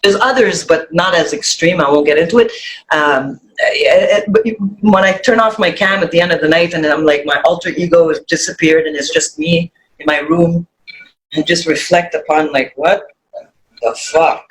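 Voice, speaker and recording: Through poor-quality audio and at a normal pace, a woman guesting on a casual podcast spins an animated tale. She swears without restraint, and her pitch leaps upward when she quotes someone.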